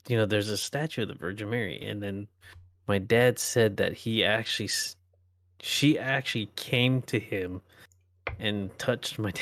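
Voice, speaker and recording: A man's voice: on the low side, a bit bright. A man co-hosting a casual podcast, rambling through a ghost story with filler words and swearing. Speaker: podcast co-host. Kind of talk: casual chat, telling ghost stories.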